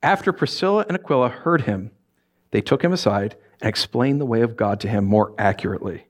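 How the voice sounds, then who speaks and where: A man preaching a sermon, reading scripture and telling stories with lively, acted-out voices. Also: medium pitch, brisk. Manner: animated storytelling with acted-out voices.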